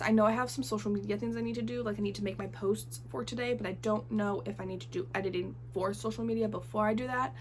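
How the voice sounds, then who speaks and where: A woman's voice: fairly high pitch, slight background noise. Rambling young woman vlogging her day. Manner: rambling, self-deprecating, chatty. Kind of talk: casual vlog chat.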